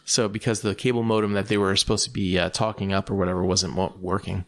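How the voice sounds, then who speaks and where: A man with a lowish voice co-hosts a comedy podcast and tells stories loosely, swearing constantly as he goes. Laughter keeps breaking into his talk. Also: level tone, quick pace, a bit bright. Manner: profane storytelling, swears constantly, laughs often. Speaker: podcast co-host. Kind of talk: casual comedic podcast chat.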